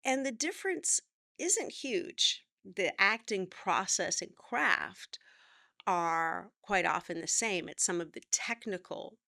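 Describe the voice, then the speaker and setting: A middle-aged woman acting teacher explaining voice work in a relaxed, conversational way. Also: medium pitch, takes it slowly, vocal fry, no echo, studio quality. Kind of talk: talking to camera, teaching.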